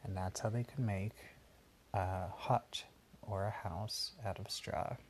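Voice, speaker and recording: A man's voice: deep voice, steady tone, takes it slowly, slight background noise. A man patiently improvising a bedtime story for a child and explaining things along the way. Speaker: parent telling a bedtime story.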